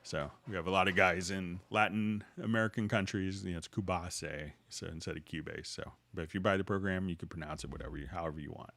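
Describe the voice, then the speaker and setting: Halting, low-voiced man giving a software demo. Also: steady tone, creaky. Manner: loose and halting, with frequent fillers and restarts. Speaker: livestream host demonstrating music software. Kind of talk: casual screen-share tutorial, answering viewer questions.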